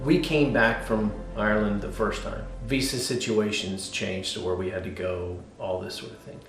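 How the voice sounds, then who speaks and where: Animated storytelling pastor, roomy echo. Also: male voice, on the low side, moderate pace, faint music behind. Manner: animated storyteller, swings from loud to hushed. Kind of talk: casual testimony interview.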